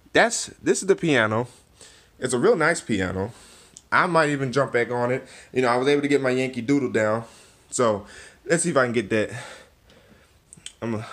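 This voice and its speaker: Young guy vlogging from his messy room at home, chill and slangy, average pitch voice. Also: a little hiss or hum. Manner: laid-back, slangy, self-deprecating. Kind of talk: casual product walkthrough.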